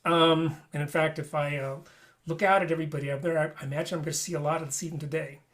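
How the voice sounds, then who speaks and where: A man's voice: fairly high pitch, fairly even intonation, fast, a bit bright. A man teaching a flute lesson in a webinar, talking conversationally and often checking in with "right?". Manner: demonstrates and explains playing habits.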